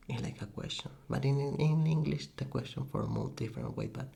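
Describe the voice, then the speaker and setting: A man giving a soft-spoken ASMR language lesson into a desk microphone, halting and correcting himself often, with soft laughs. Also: medium pitch, huge pitch swings, vocal fry. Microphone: USB desk microphone.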